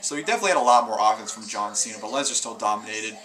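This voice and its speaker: A man's voice: lowish voice, racing, sharp tone, rough recording. A man giving a casual video review of a wrestling show, rambling through his recap with lots of fillers and restarts. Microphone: camera mic.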